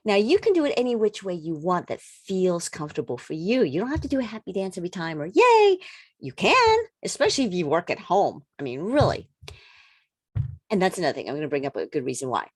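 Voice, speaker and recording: Animated woman coach, dry close sound. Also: lowish voice, fast talker, breathy edge, no echo. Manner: animated, repeats words, playful interjections. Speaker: holistic coach. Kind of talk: casual motivational talk.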